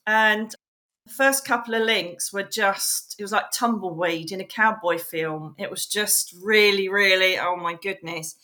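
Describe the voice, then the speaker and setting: A woman guest on a podcast, telling her story in a casual, animated and emphatic way and acting out the voices she quotes. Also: medium pitch, normal speed. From England. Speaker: podcast guest, psychic medium.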